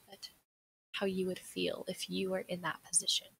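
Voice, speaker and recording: A woman's voice: fairly low pitch, monotone, normal speed, creaky, fairly bright tone, slight background noise, low-quality recording. A young woman with a Southern American accent, chatty and rambling as she presents a seminar on a livestream, laughing often. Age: young adult. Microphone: desk mic on a livestream.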